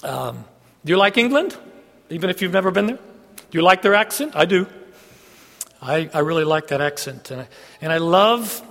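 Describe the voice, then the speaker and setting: A man's voice: high-pitched, lively intonation, normal speed, vocal fry, long pauses, fairly bright tone, big-room sound. A man preaching a sermon in a folksy way, joking and putting questions to the congregation.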